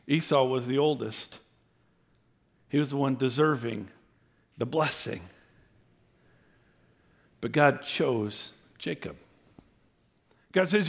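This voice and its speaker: A man preaching a sermon, speaking with animated intensity and acting out God's words with rising emphasis. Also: medium pitch, slow, pauses often. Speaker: pastor.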